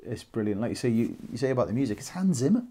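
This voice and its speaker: Chatty Welsh man with a dark voice. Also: medium pitch, very animated, rapid-fire, slightly rough. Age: 30s. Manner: chatty, rambling, laughs often. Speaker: podcast co-host. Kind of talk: casual film chat.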